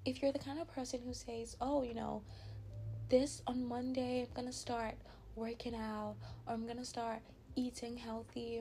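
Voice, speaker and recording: Young woman host, casual advice chat, chatty and upbeat, gravelly fry, faint hiss behind. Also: fairly high pitch, mellow. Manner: chatty, upbeat, says "like" often, acts out quoted dialogue. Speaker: podcast host.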